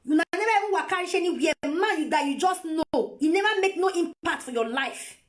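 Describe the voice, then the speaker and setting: High-pitched Nigerian woman scolding on live. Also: animated, a little fast. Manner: scolding, repetitive, lecturing. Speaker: vlogger. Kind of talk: live video commentary.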